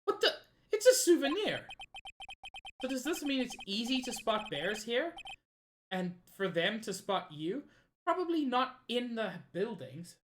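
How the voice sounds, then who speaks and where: A woman's voice: a little high, big pitch swings, a little slow, a little hiss or hum. Playful woman streamer. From South Africa. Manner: playful, reads dialogue aloud with jokey asides. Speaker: game streamer. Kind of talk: playing and voicing a game live. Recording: game music underneath.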